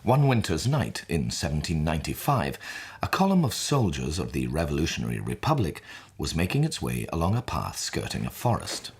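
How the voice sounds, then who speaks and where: A man narrating a scripted story in a measured, dramatic way. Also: rumbling low, wildly swooping pitch, husky. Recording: soft music under voice.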